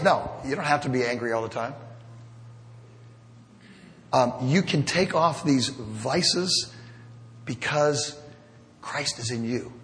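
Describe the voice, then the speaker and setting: A church sanctuary's long reverb surrounds a middle-aged pastor as he preaches. His sermon is conversational and self-deprecating, sprinkled with humorous asides, and his voice is on the high side and a bit bright.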